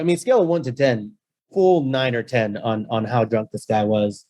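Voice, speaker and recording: A man of Mexican heritage, a rental-business guest on a podcast, telling a story in a playful, animated way with acted-out quotes. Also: medium pitch, normal speed. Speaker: guest, short-term rental host. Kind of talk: casual storytelling.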